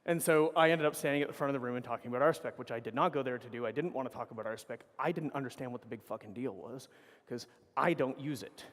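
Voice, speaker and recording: A man's voice: mid-range voice, fast. A middle-aged man giving a casual, profane, rambling conference talk on stage, correcting himself as he goes. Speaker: conference speaker. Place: large conference hall. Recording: reverberant conference hall.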